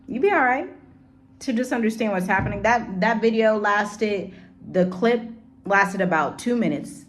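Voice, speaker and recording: A woman giving casual commentary to her viewers, animated, repeating herself for emphasis. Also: mid-range voice, slight background noise. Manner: animated, repetitive, talks straight to viewers. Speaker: vlogger. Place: abroad, home setting.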